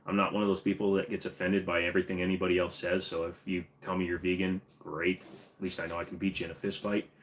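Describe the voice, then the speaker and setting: Minnesotan male host, very low voice, blunt opinions, casual Q&A. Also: level tone, fast, slight background noise. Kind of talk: casual livestream Q&A.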